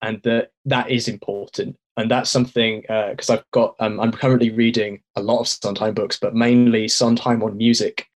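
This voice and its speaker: A man's voice: fairly low pitch, level tone, moderate pace, hardly any pauses. A man from England, a guest in a casual podcast chat, speaking in an admiring, thoughtful way with some hesitation.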